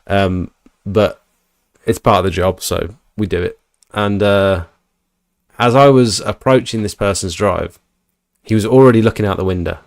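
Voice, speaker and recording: A man's voice: moderate pace, gravelly, dry recording, clean studio sound. A man hosting a podcast, telling a story in casual chat and acting out quotes with his voice jumping up. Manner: animated, acts out quotes with rising pitch. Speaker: podcast host.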